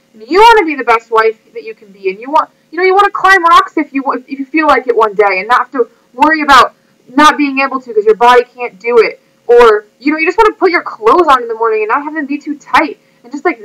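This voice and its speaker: High, bright-voiced earnest woman. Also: low-quality recording. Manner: chatty, earnest and emotional, heavy use of "like". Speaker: fitness coach. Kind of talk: motivational vlog talk.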